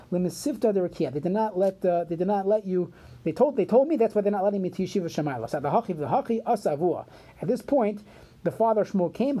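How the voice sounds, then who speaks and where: A man teaching a Talmud class, reading Aramaic lines and explaining them in English, often halting and repeating words. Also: high-pitched, warm tone, slightly rough.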